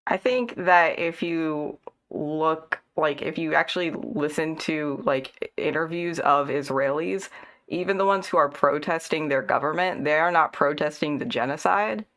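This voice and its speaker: A woman in a casual political chat, speaking in a measured way and thinking aloud with fillers. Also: sits low, fairly bright tone.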